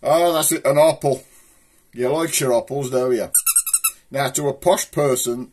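Black country bloke rambling on about local talk, husky voice, middle-aged. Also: male voice, medium pitch, a little slow, long pauses, darkish tone. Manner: chatty, rambling, broad dialect. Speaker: host. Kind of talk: casual comic monologue to camera.

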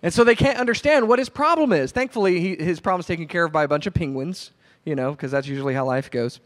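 A man's voice: fairly high pitch, quick pace. A male pastor giving a sermon in a conversational, storytelling way. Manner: conversational storytelling, animated retelling.

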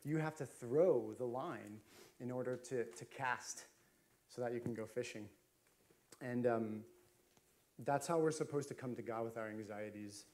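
A man's voice: medium pitch, steady tone, moderate pace, pauses often, a little mellow. A man preaching a sermon as a pastor, chatty and storytelling, with frequent fillers and restarts. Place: church sanctuary.

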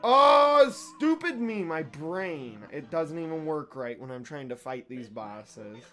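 A young man giving casual let's-play commentary, profane and excitable, trash-talking the boss and yelling when he wins or loses. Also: a little high, a little slow. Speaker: gaming YouTuber.

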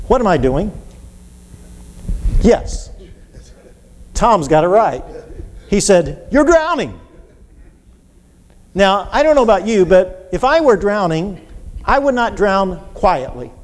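A man preaching a sermon, telling a story with animated delivery and acting out cries for help. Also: high voice, takes it slowly, pauses often, slight background noise. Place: church. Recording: reverberant church hall with faint ambience.

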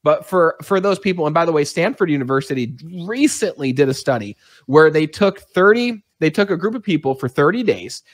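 A man's voice: on the high side, sing-song, a little fast, few pauses, dry recording, studio quality. A man hosting a podcast, telling a personal story in an earnest, talkative way. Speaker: podcast host. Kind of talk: conversational interview.

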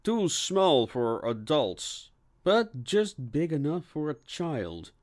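A man reading scripted narration for an audiobook in a steady, even storytelling manner. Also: on the high side, slow.

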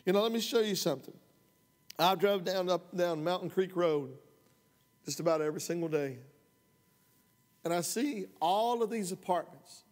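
High-pitched guy preaching, fired up and folksy, big echoey church hall. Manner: impassioned, folksy, rising to loud outbursts. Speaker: pastor. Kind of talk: sermon. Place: church sanctuary. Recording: long hall reverb.

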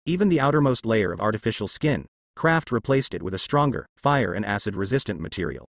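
A man narrating a translated novel in a flat, even read. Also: fairly low pitch, fairly quick, dry recording, studio quality. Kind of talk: audiobook narration of translated fan fiction.

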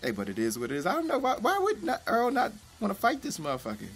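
A young man giving casual, profane commentary as a boxing YouTuber, rambling in slang with sudden high-pitched outbursts. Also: wildly swooping pitch, fast.

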